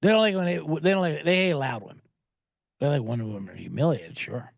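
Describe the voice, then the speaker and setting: A man's voice: on the high side, a little fast, gravelly, no room sound. A man hosting a sports betting podcast, riffing sarcastically and profanely while reading viewer comments aloud.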